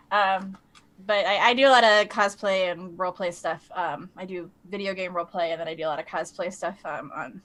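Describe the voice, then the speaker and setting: A woman's voice: mid-range voice, sharp tone. A woman tabletop player and streamer chatting casually, giggly and bubbly. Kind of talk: casual chat.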